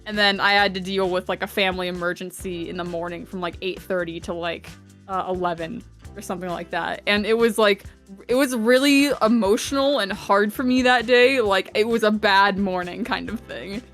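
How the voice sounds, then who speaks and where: A woman's voice: mid-range voice, fairly even intonation, normal speed, a bit bright, faint music behind. A young woman on a podcast, telling a long, rambling work story full of fillers and laughter. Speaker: podcast co-host. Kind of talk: casual storytelling chat.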